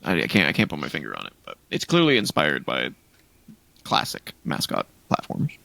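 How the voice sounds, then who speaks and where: A man's voice: a bass voice, wildly swooping pitch, fairly quick, gravelly, sharp tone, no room sound. A man co-hosting a gaming podcast in casual chat, rambling through a list of game releases with restarts. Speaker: podcast co-host.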